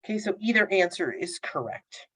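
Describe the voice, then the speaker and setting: A woman instructor walks through math problems in a relaxed, sleepy way, thinking aloud as she writes. Her voice sits a little low for a woman. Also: normal speed, husky. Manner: casual, thinking aloud while working problems. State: sleepy, yawning. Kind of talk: recorded math lecture.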